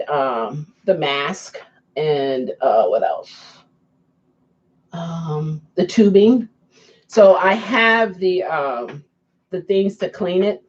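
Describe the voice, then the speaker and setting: A woman vlogger talks casually and slowly, drawing her words out. Her pitch swings widely as she keeps dissolving into giggles. The sound is slightly dull and lo-fi. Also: darkish tone. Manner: laughs often, giggling fits, slow and drawn-out. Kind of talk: casual chat to camera.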